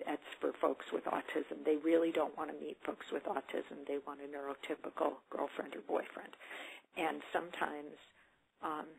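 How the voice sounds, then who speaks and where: Gravelly, husky woman explaining earnestly. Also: low voice, low-quality recording. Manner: earnest, explanatory, acts out student and coach dialogue. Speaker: autism support specialist for college students. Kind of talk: webinar talk answering questions.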